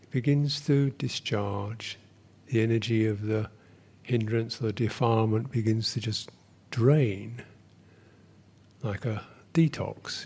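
Gravelly, husky-voiced male meditation teacher. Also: lowish voice. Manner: slow, halting phrasing with many pauses; drops to a soft whisper on repeated phrases. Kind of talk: meditation retreat dharma talk.

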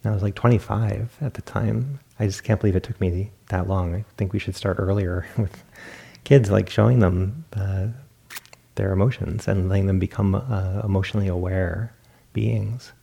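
A man with a low, gravelly voice gives a meditation talk in an easygoing, reflective way. His tone is dark and mellow, and he tells stories with small self-amused laughs. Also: fairly even intonation, normal speed. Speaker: meditation teacher. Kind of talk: dharma talk at a retreat. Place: meditation hall.

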